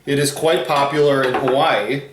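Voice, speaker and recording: A man hosting a food tasting video, chatting casually while he explains facts read off the packaging. His voice sits at an ordinary middle pitch. The room around him is echoey. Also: moderate pace, noisy background. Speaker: host of a food challenge channel. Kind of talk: casual chat.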